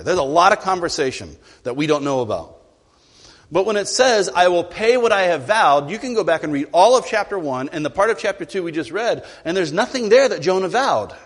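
A man preaches with a lively, swinging delivery, his fairly high voice jumping up for emphasis and dropping low for quieter asides. His words ring out with a long hall reverb, as in a church sanctuary. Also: breathy edge. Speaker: pastor. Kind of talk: sermon.

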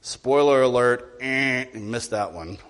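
A man preaching a sermon as a pastor, animated, swinging between loud emphatic lines and quiet, low asides. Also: a little slow. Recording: long hall reverb.

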